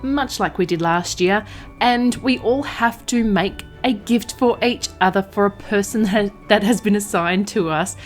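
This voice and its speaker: An Australian woman who makes art and craft videos, talking in a chatty, expressive way and laughing often. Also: medium pitch, unhurried, soft background music. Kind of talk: casual vlog narration.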